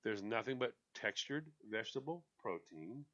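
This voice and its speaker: A man hosting a casual radio talk show, chatty and animated, acting out little quotes in funny voices. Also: fairly low pitch, moderate pace, muffled recording.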